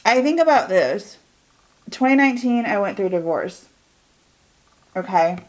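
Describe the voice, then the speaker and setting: A woman in her forties talks through her makeup routine at home in a loose, candid way. She rambles and lets her sentences drift and trail off, like a friend catching up over a mirror. Her pitch sits right in the middle for a woman. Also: expressive, a little mellow. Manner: candid, chatty, drawn-out and trailing off. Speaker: beauty vlogger. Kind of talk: chatty get-ready-with-me monologue.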